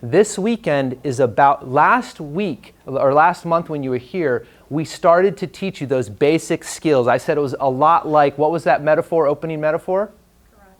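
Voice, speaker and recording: Man, trainer in front of a class, chatty storytelling, fairly high voice. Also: moderate pace, hardly any pauses. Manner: storytelling, conversational with fillers. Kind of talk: live workshop teaching. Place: training room before a class.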